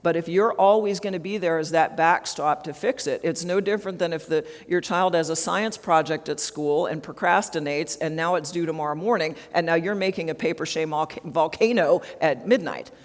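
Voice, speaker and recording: A woman's voice: deep voice, moderate pace, few pauses. A woman giving an interactive HR training talk at a conference, often checking in with the audience with tag questions. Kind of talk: interactive workshop presentation. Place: large conference hall. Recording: long hall reverb.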